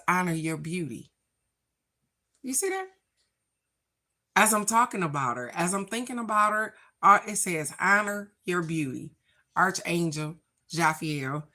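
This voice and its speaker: A card reader with a low voice and a sharp tone chats with her viewers while pulling her daily spiritual cards. It's a casual vlog, and she talks spiritually, calling everyone "y'all" and "baby."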